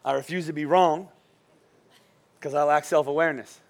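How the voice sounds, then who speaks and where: A middle-aged male pastor preaching a lively, joking sermon in church, urging the congregation to repeat lines after him. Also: on the high side, normal speed, vocal fry. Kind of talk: lively sermon with call-and-response. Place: church service before a congregation.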